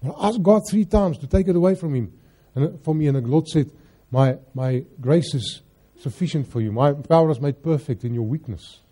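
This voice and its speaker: South african preacher guy, mellow dark husky voice, slips into afrikaans, loud then hushed. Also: fairly high pitch, animated, normal speed, hardly any pauses. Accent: South African English, Afrikaans-inflected. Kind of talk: sermon.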